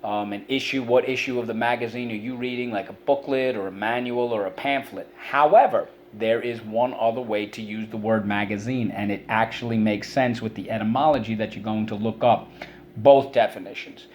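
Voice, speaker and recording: A man's voice: fairly low pitch, steady tone, moderate pace, a little mellow, a little hiss or hum. A middle-aged male teacher giving a spelling and vocabulary lesson to children, patiently explaining each word with many examples.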